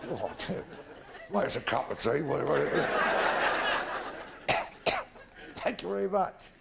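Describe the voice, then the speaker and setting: Gravelly old Cockney comedian on stage. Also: male voice, a little high, big pitch swings, measured pace, heavy background noise. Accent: London Cockney. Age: older. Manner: rambling anecdotal delivery, lots of acted-out dialogue and swearing. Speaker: stand-up comedian. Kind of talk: live stand-up routine. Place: theatre stage before a live audience.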